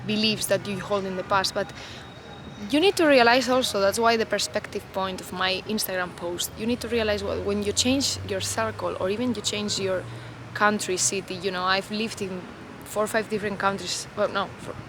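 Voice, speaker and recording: A woman's voice: mid-range voice, moderate pace, background noise. A woman vlogger talking unscripted to camera outdoors, in a loose, reflective way full of "you know" and "like".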